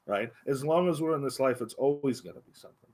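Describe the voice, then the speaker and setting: Husky man teaching an adult Bible class. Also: medium pitch, expressive, a little mellow. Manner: earnest, emphatic, slows down on key phrases. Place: church classroom. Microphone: livestream microphone.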